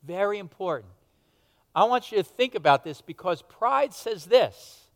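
Casting: male pastor, slightly high voice, conversational emphatic sermon, long church-hall reverb. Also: expressive, unhurried. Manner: conversational, emphatic preaching with sudden drops to quiet.

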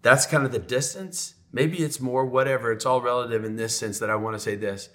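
A male pastor tells a personal story from the pulpit at a medium pitch. He talks in a heartfelt, conversational way and often drops into soft, slow pauses. His tone stays warm and plain rather than showy. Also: steady tone. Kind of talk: sermon storytelling.

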